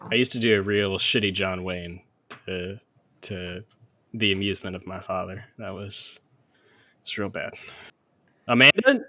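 A man's voice: sits low, expressive, measured pace, long pauses, pushed and bright. A man hosting a casual podcast chat with friends, laughing often and swearing freely. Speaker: podcast host.

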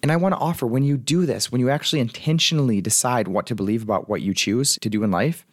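A man's voice: medium pitch, fast talker, no room sound, clean studio sound. A young man, a life coach, talking casually and rambling with lots of fillers from his apartment. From United States. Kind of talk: casual solo talk.

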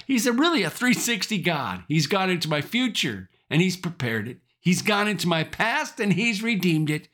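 This pastor's sermon comes in a bright, high voice that swings broadly in pitch. He presses repeated encouragements and rallying phrases with emphasis, letting out an odd chuckle here and there.

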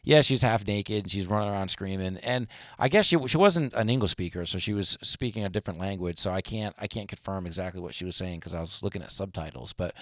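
Low-voiced man, dry close sound. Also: quick pace, hardly any pauses, no room sound. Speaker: podcast co-host. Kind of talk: casual chat.

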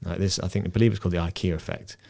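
A man's voice: low voice, level tone, rapid-fire, creaky, dark tone. A man hosting a casual podcast chat, explaining ideas and often restarting his sentences.

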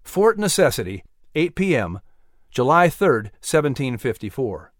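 A man's voice: medium pitch, sing-song, a little slow, no room sound, studio quality. Man narrating a dramatic storybook tale.

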